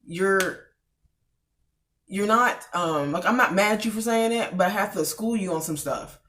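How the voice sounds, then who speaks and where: A woman's voice: medium pitch, a little slow, a bit bright, distant mic. Woman co-host, casual chat, emphatic storyteller, voice sits back from the mic.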